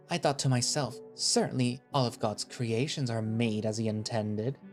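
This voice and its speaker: A man playing a cold, scornful male settlement leader who speaks slowly and condescendingly, with cutting remarks. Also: medium pitch, lightly acted.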